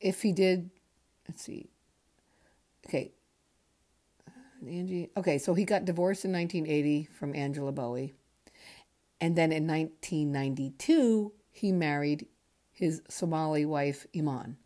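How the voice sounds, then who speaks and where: A tired New Englander from Connecticut, a woman in her fifties, tells a memoir story on her podcast, rambling, thinking aloud, and swearing freely. Her voice is deep and dark, unhurried, with long pauses.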